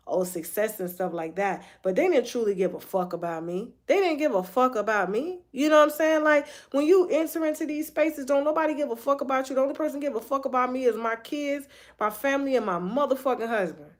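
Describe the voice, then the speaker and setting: This gossip show host talks briskly with few pauses, her voice sitting high. In a candid personal monologue she is blunt and heavily profane, often restarting and repeating phrases to drive points home.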